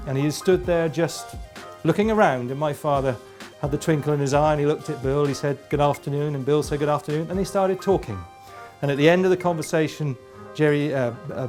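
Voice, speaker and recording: A middle-aged man recalls his football days in a relaxed, storytelling manner. His voice sits a little high, and faint music plays softly behind him. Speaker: football supporter. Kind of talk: reminiscing interview.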